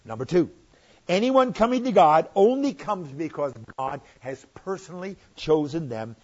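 An older man preaching a sermon with a slightly husky voice, stressing key points with rising emphasis and slowing down. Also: on the high side, animated, a little mellow, lo-fi sound. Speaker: pastor.

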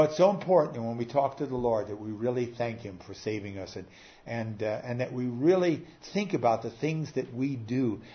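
A man preaching a sermon earnestly, with rising and falling emphasis and frequent pauses. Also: mid-range voice. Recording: slightly dull lo-fi sound.

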